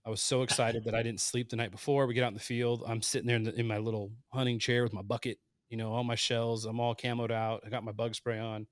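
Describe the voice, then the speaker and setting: A man in his late thirties telling hunting stories casually on a podcast, animated and acting out the voices he quotes. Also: mid-range voice, fast talker, hardly any pauses, dry recording, studio quality. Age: 30s. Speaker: podcast guest, hunter. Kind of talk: casual storytelling.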